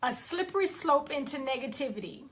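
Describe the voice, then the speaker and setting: A woman coach giving a lively, emphatic motivational talk on a live stream and greeting viewers by name. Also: sits high, fairly quick.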